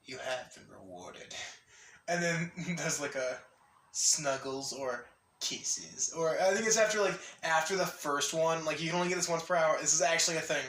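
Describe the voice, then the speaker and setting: Bright, giggly guy vlogging, voice a bit high, recorded in a roomy space off-mic. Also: fast, hardly any pauses, distant mic, slight background noise. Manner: excitable, laughs often, restarts sentences. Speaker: anime vlogger. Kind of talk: casual rambling monologue.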